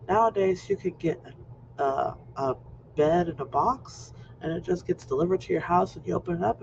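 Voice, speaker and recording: A man in his fifties telling a personal story in an animated way, acting out scenes, in a muffled lo-fi recording. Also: on the high side, gravelly. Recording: muffled lo-fi recording with faint noise.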